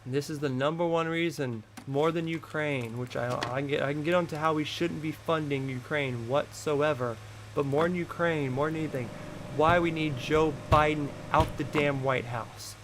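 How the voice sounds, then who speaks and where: A man from the United States vlogs in a heated, profane rant, hammering the same points again and again. His voice sits a little high for a man. A faint hiss of noise runs underneath. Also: fairly even intonation, normal speed. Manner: heated, profane, repetitive ranting. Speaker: vlogger. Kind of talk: angry political rant.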